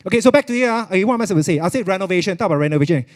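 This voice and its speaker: A man's voice: high-pitched, expressive, racing. A man with a Singaporean English accent giving a chatty live product demo, repeating himself and slipping into Mandarin. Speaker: product presenter at a virtual expo.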